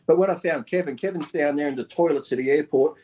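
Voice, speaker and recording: Guy telling wild road stories, swears a lot, bit high voice. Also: fast talker, warm tone. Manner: profane, laughing while telling anecdotes. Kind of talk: casual storytelling chat.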